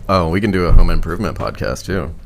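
A man's voice: sits low, fast talker, heavy background noise. A man co-hosting a podcast, chatting casually and tossing in dry, teasing quips. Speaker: podcast co-host. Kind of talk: casual chat.

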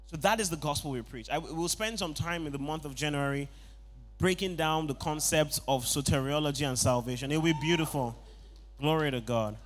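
A young man preaching a sermon, asking the congregation for answers and building up to loud shouted passages. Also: on the high side, a little fast. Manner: call-and-response, rising to shouts.

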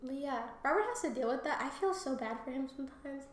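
A woman's voice: sits high, animated, fast talker. Rambling, crude woman in an echoey room. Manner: crude, rambling storytelling with lots of fillers and laughs. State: coughing after a cold. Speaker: podcast co-host. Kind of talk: casual chat.

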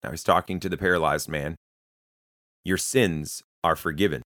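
A man's voice: rumbling low, steady tone, normal speed, sharp tone, no room sound, clean studio sound. A man preaching a sermon in earnest, plain-spoken Bible teaching with rhetorical questions.

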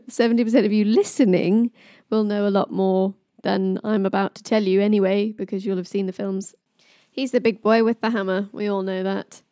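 A woman's voice: medium pitch, dark tone, no echo, studio quality. A young woman retelling myths on a podcast in a chatty way, with jokey asides. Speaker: podcast storyteller.

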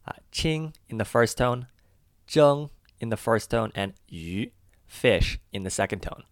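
A man co-hosting a language lesson, carefully walking through example phrases and slowing down on the key words. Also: lowish voice, lively intonation, dry recording, studio quality. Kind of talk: scripted explanatory lesson.

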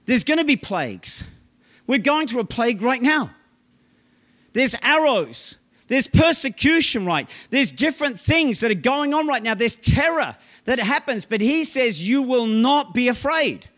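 Man, pastor, very high-pitched voice, emphatic sermon, sudden shouts, slow scripture reading. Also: very animated. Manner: emphatic preaching, often asking "right?", slow scripture reading; bursts into loud shouts.

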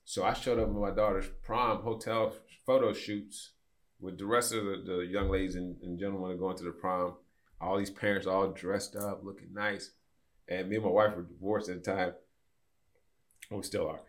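Deep-voiced man telling a story. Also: moderate pace. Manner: animated storyteller, acts out quoted voices. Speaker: podcast guest. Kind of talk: casual storytelling.

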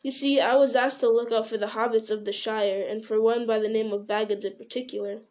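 A woman's voice: a little high, fairly even intonation, fairly quick, darkish tone, close to an everyday voice. A woman voicing a fussy, rambling middle-aged male innkeeper with a folksy, apologetic way of talking.

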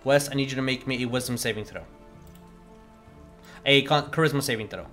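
A man narrating as the game master of a tabletop game, in a slow, halting way with many fillers. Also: medium pitch, a bit bright, soft background music. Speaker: dungeon master.

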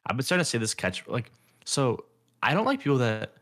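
A young man co-hosting a podcast, chatting casually, rambling with lots of filler words and slipping into animated impressions. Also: medium pitch, brisk. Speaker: podcast co-host. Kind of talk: casual chat.

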